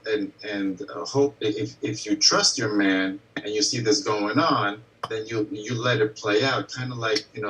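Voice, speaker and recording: A man giving advice in a casual talk, halting and repeating words as he thinks. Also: on the low side, a bit bright, distant mic, poor audio.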